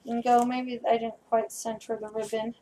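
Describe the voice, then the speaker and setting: A woman's voice: a little high, moderate pace, a little hiss or hum. A young adult woman chatting casually in a try-on vlog, tired and a little rambling as she shows off her clothes. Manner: relaxed, rambling, thinking aloud. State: tired, yawning. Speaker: vlogger.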